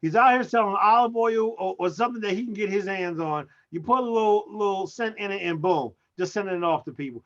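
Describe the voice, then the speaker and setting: A man's voice: sits high, quick pace, few pauses, fairly bright tone. A man co-hosting a casual comedic chat, joking and incredulous as he riffs on the news. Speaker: co-host. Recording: muffled lo-fi audio.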